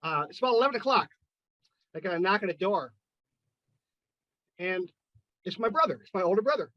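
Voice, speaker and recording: A man's voice: sits high, expressive, a little fast, dry recording, muffled recording. A man in his fifties hosting a chat and then doing a loose, profane stand-up set. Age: 50s. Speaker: podcast host and amateur stand-up comic.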